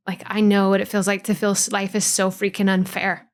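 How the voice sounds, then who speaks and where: A woman's voice: medium pitch, monotone, fairly quick, few pauses, smooth. A woman guest on a podcast, speaking heartfelt and emphatic in a casual interview. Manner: heartfelt, emphatic, uses repeated phrasing.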